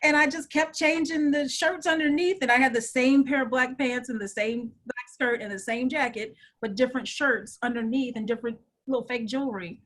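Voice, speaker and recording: A middle-aged woman telling her life story as an interview guest, animated and laughing often. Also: sits high, brisk, hardly any pauses.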